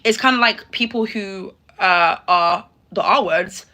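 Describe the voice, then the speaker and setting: A young woman riffing through a reaction video, with a bright, forceful voice. She is sassy and quick to exclaim, and talks to her viewers like friends. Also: mid-range voice. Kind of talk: casual reaction commentary.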